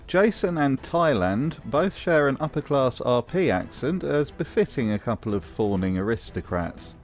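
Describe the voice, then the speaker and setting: A man's voice: medium pitch, lively intonation, normal speed. A man hosting a scripted commentary, delivering it with dry, mocking humor. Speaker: host.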